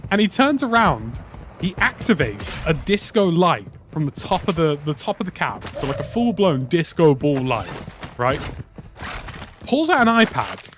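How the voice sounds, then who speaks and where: Rambling British man over game noise. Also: on the high side. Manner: rambling, laughing storyteller with crude slang. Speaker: gaming YouTuber. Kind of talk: casual anecdote over gameplay. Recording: game sound noise under voice.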